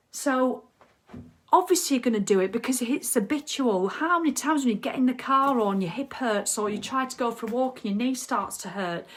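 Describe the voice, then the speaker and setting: A woman's voice: fairly high pitch, slightly rough. A middle-aged woman chatting casually on a live video as a wellness coach, reading out viewer comments. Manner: chatty, animated, reads viewer comments aloud. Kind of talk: casual live-stream chat.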